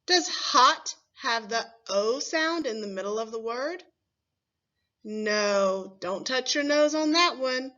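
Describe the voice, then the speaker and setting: A woman teaching young children their letter sounds, taking her time over each word and sounding it out with care. Her voice is bright and a little high, and the recording is dull and lo-fi. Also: lively intonation. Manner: slow, clearly sounded-out words with questions to the class. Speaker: first grade teacher. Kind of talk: phonics lesson for young children.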